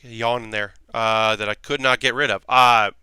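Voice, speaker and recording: Bright, crisp-voiced man chatting on stream. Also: mid-range voice, steady tone, moderate pace, no echo. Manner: rambling, profane, answers chat aloud. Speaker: livestream host. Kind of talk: casual livestream chat.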